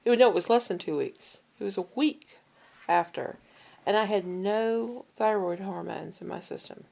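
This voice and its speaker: A woman co-hosting a podcast tells a personal story in casual chat, getting animated as she acts out the people she quotes. Her voice is medium-pitched and gravelly, at a normal speed.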